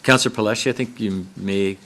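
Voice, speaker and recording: A man with a deep, low voice presides over a council meeting. He moves through motions casually, pausing and filling gaps with ums and uhs. A faint noise hangs behind him. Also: fairly bright tone. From Canada. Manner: informal, halting, with many fillers. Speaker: council chair.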